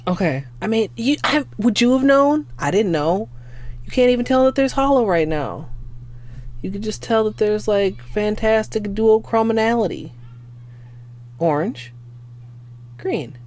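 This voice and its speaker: Excitable streamer woman, teary and sniffling. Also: on the high side, unhurried, pauses often. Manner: excitable, swearing, exclamatory. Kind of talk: casual livestream chat.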